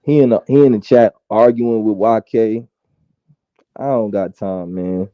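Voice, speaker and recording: A man's voice: on the low side, a little slow, no echo. Brief: man, mocking stream arguer, tinny phone-like line, dry. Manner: taunting, talks over others. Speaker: live stream participant. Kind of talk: heated argument on a live stream.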